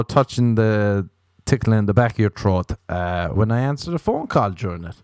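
A man's voice: on the low side, expressive, moderate pace, darkish tone, no room sound, studio quality. A young Irish man hosting a podcast, rambling and swearing in a casual comic monologue, often slipping into playful quoted voices. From Ireland. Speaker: podcast host.

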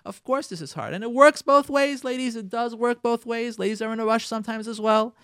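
A rabbi giving a radio talk on marriage, animated, acting out quoted lines and repeating himself. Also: male voice, very high-pitched, fairly quick, clear, resonant tone, no room sound, clean studio sound.

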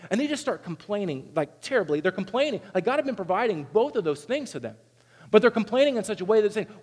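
High-voiced man preaching in a reverberant hall. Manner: animated preaching, acts out quoted complaints in a raised voice. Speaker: pastor. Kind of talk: sermon.

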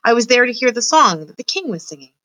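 A tiny, earnest boy mouse who says "sir" with dreamy politeness, voiced by a woman reading aloud. His voice sits a touch higher than the reader's own and sounds bright and clear. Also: very animated, fast, no echo.

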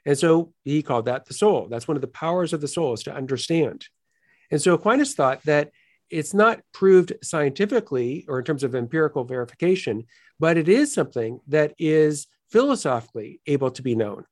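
A man with a somewhat high-pitched voice lays out a philosophical argument step by step in an interview. His delivery is earnest and animated, like a teacher who enjoys the material. He keeps pulling the listener along with a quick "right?". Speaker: guest philosopher. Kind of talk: explanatory interview talk.

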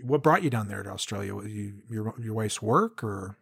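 A male podcast host with a somewhat low, husky voice. He talks in a relaxed, unhurried way, filling his pauses with many hesitations as he introduces a story and chats with his guest. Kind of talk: casual interview and show intro.

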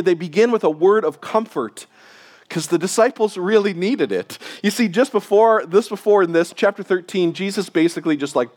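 Man, pastor, high voice, conversational sermon, informal, talks to the congregation. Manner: casual, conversational, with frequent tag questions.

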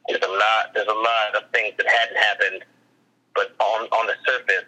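A man with a very bright, cutting voice, bantering casually on a podcast. He rambles and jokes at his own expense, with the easy delivery of a radio host. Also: lowish voice, level tone, moderate pace, low-quality recording. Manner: joking, rambling, self-mocking.

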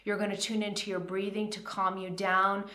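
A woman's voice: mid-range voice, flat delivery, moderate pace, pushed and bright, reverberant. A woman giving a conversational spiritual teaching talk, often checking in with the listener.

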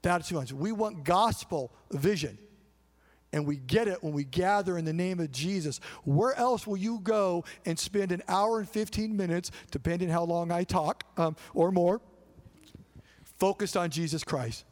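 High-voiced male pastor preaching in a big hall. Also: a little slow. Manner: conversational preaching with frequent rhetorical check-ins. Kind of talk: sermon. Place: large church sanctuary. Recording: long reverb of a large hall.

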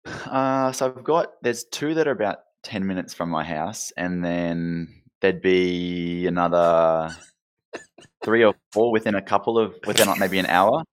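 An Australian man in his twenties, a guest answering questions in a relaxed, laughing way over a call. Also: sits low, measured pace, clear, resonant tone. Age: 20s. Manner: laid-back, laughs often. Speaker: guest player. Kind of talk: casual interview chat.

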